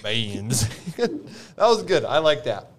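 A man's voice: mid-range voice, moderate pace. A man leading a segment in casual podcast banter, giggling often. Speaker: podcast co-host running the segment.

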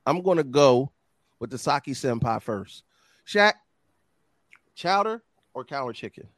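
A man's voice: medium pitch, expressive, unhurried, a bit bright, dry recording, studio quality. A man hosting a casual group chat. He is drinking, laughs a lot and talks in a loose, playful way over a video call. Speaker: podcast host. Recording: noisy with clicks.

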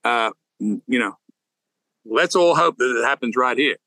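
A man co-hosting a golf podcast chats casually, telling stories playfully and often restarting or interrupting himself. His mid-range voice is expressive and sharp at a moderate pace, on a dry recording with poor audio.

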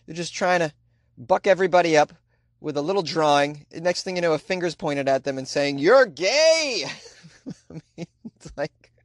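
A man's voice: a little high, steady tone, moderate pace, pauses often, no echo, studio quality. Middle-aged boston guy doing his comedy news podcast from a closet, sarcastic, no room sound at all. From Boston, USA. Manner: joking, sarcastic, ranting with laughs. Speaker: podcast host. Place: small closet.

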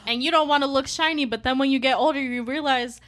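A woman's voice: high voice, quick pace, fairly bright tone. A young woman in casual chat, playful and jokey. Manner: playful, jokey, tries silly accents.

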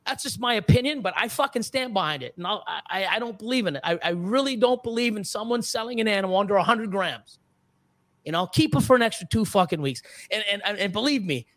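This middle-aged man, a reptile breeder guesting on a casual podcast, has a very high, fairly bright voice. He rants in an angry, heated, profane way, with many restarts and repeated words.

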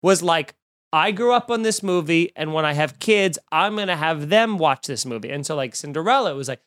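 A man's voice: fairly high pitch, animated, a little fast, a bit bright, no echo. Profane ranting young man, dry close sound. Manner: profane, exasperated, rambling with many fillers. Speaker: podcast host. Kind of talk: comedic rant.

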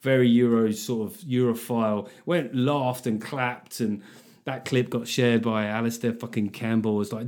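Brief: male comedian, self-mocking, rambling solo podcast monologue, ordinary pitch. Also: steady tone, normal speed, a little mellow.

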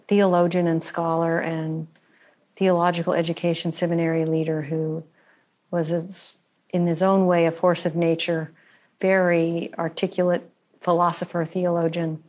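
A woman in reflective conversation who speaks thoughtfully and hesitantly, with many pauses and fillers. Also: on the low side.

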